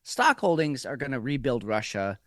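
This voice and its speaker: A man doing a loud, boastful impression of a president who keeps reassuring everyone and repeating himself. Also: medium pitch, sing-song, normal speed, no echo, clean studio sound. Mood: swaggering. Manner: bragging, reassuring, repetitive.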